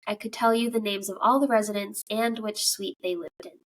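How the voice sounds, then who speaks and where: A woman's voice: medium pitch, steady tone, brisk, poor audio. A woman podcast host reading a listener's scary story aloud in a casual, giggly way.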